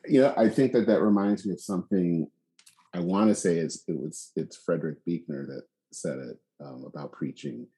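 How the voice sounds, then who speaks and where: A man hosting a podcast, talking in a reflective, measured, casual way. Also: low voice, dark tone, husky. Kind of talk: casual conversation.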